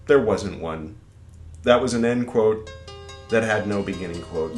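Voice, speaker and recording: Over soft background music, a podcast host with an expressive mid-range voice reads an old text at a moderate pace, cutting away for irreverent, swearing digressions and mock-dramatic quoting voices. The casual, rambling commentary is recorded in an echoey room with faint background noise.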